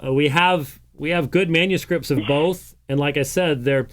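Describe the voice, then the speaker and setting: A man's voice: fairly high pitch, moderate pace, fairly bright tone. A man hosting a call-in program, taking phone calls and explaining points at length with many "uh" fillers. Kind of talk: call-in radio talk and teaching.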